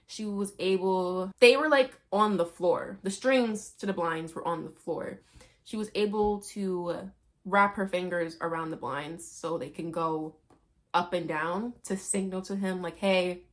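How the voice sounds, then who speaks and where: A woman's voice: fairly low pitch, a bit bright. A woman recapping a movie in a casual, playful and slangy way, chatting to her viewers.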